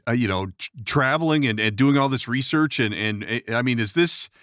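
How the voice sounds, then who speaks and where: A man hosting a podcast interview, asking casual, stumbling questions and reacting with quick remarks. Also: mid-range voice, fairly bright tone, no room sound, clean studio sound. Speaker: podcast host.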